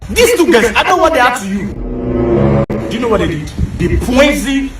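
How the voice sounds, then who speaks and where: A performer playing a brash friend who exposes a poisoned drink and loudly mocks and threatens the culprit. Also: medium pitch, big pitch swings, normal speed, very noisy, lightly acted. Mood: threatening. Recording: distant, echoey clip with music.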